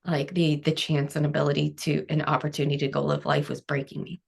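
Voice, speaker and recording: Low gravelly woman telling her story. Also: monotone, a little fast. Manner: frank, quotes her past self, many "like" fillers. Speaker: guest, cancer coach. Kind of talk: candid interview storytelling.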